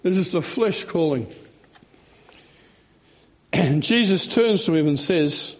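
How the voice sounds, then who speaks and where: A man preaching a sermon, telling the story expressively with dramatic slowdowns. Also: fairly high pitch, expressive. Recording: dull lo-fi recording.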